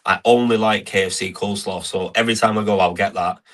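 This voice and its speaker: A young man, a wrestler guest on a podcast, chatting in an easygoing, halting way. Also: on the low side, steady tone. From England. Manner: easygoing, halting, with many restarts. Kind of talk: casual chat.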